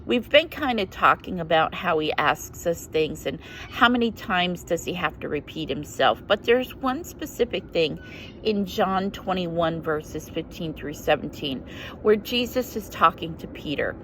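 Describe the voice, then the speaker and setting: Woman host of a devotional journaling series, unhurried, earnest, repeats key phrases, faint ambience behind. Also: on the low side, animated, a little hiss or hum, rough recording. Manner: earnest and gently encouraging, with slow emphatic repetition. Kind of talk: devotional Bible teaching.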